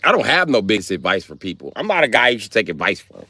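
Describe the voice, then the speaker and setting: Animated, profane male streamer. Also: fairly low pitch, fast talker, no echo. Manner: profane, animated, slangy storytelling. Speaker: live streamer. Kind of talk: comedic casual rant.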